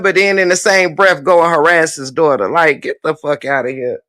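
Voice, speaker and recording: A woman's voice: sits low, fairly even intonation, normal speed, few pauses, fairly bright tone, dry recording, studio quality. A woman hosting a livestream, ranting bluntly and profanely while answering viewer comments, repeating her points for emphasis. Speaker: livestream host.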